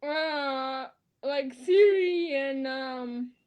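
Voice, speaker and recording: Young female guest, very high voice, slow and halting delivery. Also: dull audio. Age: young adult. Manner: slow, halting, with many pauses. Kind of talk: interview conversation.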